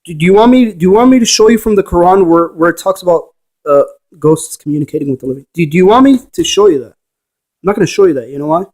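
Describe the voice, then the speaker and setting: Fast and high-pitched with a darkish tone, this man investigates ghosts and lectures in a rambling way. Rhetorical questions are his means of arguing with the viewer.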